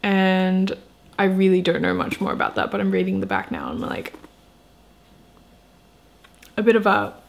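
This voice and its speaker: A woman's voice: medium pitch, big pitch swings, moderate pace, gravelly, pauses often. A young woman chatting casually in a vlog about books, rambling and enthusiastic with lots of filler words. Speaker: book vlogger.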